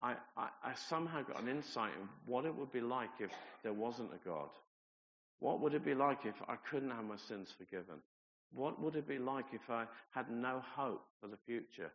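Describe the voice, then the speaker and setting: A man's voice: medium pitch, lively intonation, moderate pace. A man preaching a sermon in an earnest, conversational way, with personal stories and self-deprecating asides. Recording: reverberant hall, dull lo-fi sound.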